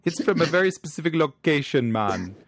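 A man's voice: fairly high pitch, big pitch swings, fairly quick, dry recording, studio quality, voice pushed up. A man voicing a carefree male dialect coach with an overdone fake Jamaican lilt, laid-back and reassuring. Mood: breezy.

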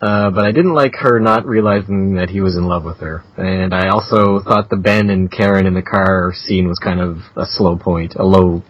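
Guy cohost on a podcast, lowish raspy voice, flat dull dry audio. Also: normal speed, hardly any pauses, no echo. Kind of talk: casual chat.

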